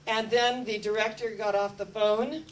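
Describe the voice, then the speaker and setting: A woman tells a story to her listeners, lively and earnest, with a spiritual bent. Her voice sits at a middle height. It sounds a little distant from the mic, with a faint hum underneath. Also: medium pitch, normal speed. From United States. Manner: lively storyteller, talks about energy with spiritual warmth. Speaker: speaker. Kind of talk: storytelling talk to an audience.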